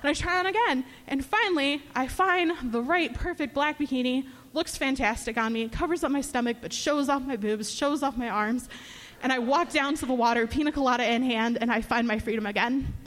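High-voiced woman telling a funny story. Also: fairly quick. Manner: lively, humorous, building to a punchline. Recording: long hall reverb.

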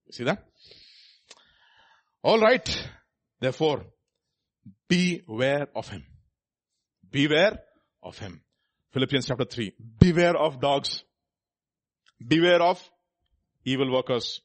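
A man's voice: medium pitch, no room sound. A man preaching a sermon, reading scripture aloud and pressing the listeners with rhetorical questions. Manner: reads scripture aloud between comments.

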